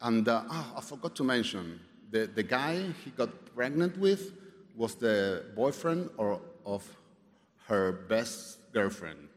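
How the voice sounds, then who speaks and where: A man sharing his personal story at a recovery meeting, halting, with many fillers, restarts and swearing, and some wry humor. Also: on the low side, very animated. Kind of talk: personal testimony. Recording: reverberant hall, faint background noise.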